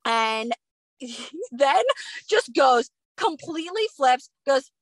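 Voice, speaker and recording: A woman guest on a podcast, telling a story in a casual, animated way with plenty of swearing. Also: high-pitched, slow pace, dry recording. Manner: animated and expressive, swears freely. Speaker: guest, professional runner.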